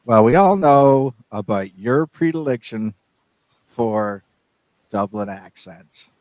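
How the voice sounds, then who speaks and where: A man's voice: mid-range voice, expressive, slow pace, a little mellow, dry recording, rough recording. A man co-hosting a casual podcast, rambling and often restarting his sentences. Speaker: podcast co-host.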